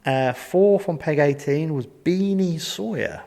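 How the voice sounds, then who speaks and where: A man's voice: a little high, slow, vocal fry, mellow. A man hosting a casual podcast, reading out match results plainly and adding chatty asides. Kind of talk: casual chat. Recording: room with long reverb.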